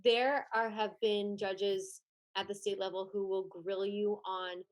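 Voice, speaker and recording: A woman's voice: medium pitch, level tone, takes it slowly. Chatty young woman, podcast guest. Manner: chatty, laughs often, heavy use of "like". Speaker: podcast guest, former pageant contestant and judge. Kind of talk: casual podcast chat.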